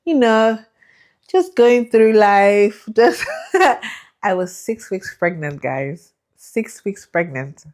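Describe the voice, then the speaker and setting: Animated woman with a low voice. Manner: animated, laughing, acts out voices in her story. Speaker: vlogger sharing a faith testimony. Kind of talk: emotional personal storytelling.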